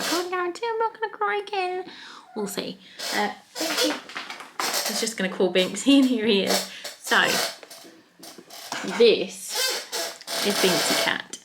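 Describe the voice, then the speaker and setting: A woman in her thirties with a British accent, vlogging at home in a soft, emotional way and coaxing her cats. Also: medium pitch, vocal fry, noisy background. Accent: British English. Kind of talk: casual chat to camera.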